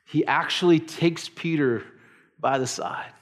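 A middle-aged man preaching a sermon, swinging between loud emphatic bursts and hushed, quiet asides. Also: a little high, measured pace. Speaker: pastor.

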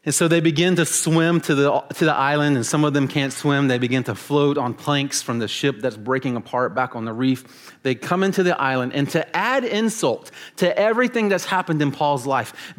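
A man preaching a casual, animated sermon to teenagers, joking with them and acting out the stories he tells. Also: fairly high pitch, moderate pace. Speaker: youth pastor.

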